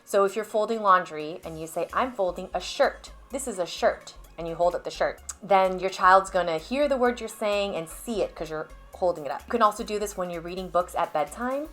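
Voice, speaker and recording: A woman speech therapist patiently explaining to parents how to build a child's language at home, stepping through clear examples. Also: lowish voice, fairly quick, few pauses, a bit bright, soft background music. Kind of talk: instructional video talk to parents.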